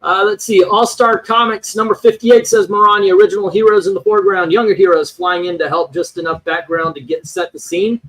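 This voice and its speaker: A man's voice: high voice, steady tone, brisk, hardly any pauses, fairly bright tone, poor audio. A man hosting a casual livestream chat, reading viewer comments and scores aloud with many fillers. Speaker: host.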